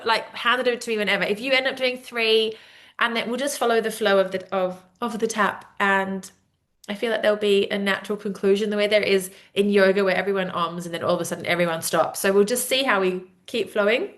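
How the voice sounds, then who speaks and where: Woman in her thirties, casual podcast host on a video call; chatty and animated, laughs a lot. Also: medium pitch. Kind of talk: casual conversation.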